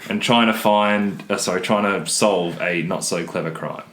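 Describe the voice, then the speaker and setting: A man co-hosting a casual podcast, a little hoarse from illness, playful and self-mocking. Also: low-pitched, normal speed, a bit bright, echoey room, slight background noise. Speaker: podcast co-host. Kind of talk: casual chat.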